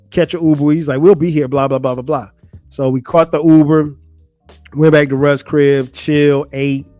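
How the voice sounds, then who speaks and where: Male podcast host, young adult, slangy exasperated storyteller, slightly high voice, dry close mic. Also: dry recording. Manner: animated, exasperated, lots of restarts and slang. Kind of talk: casual storytelling monologue.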